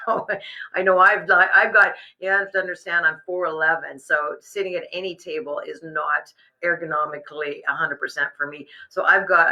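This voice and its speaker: Bright chatty woman hosting a webcast. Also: deep voice, creaky, low-quality recording. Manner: chatty, rambling, many fillers and restarts. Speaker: host. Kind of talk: live business webcast chat. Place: home workspace.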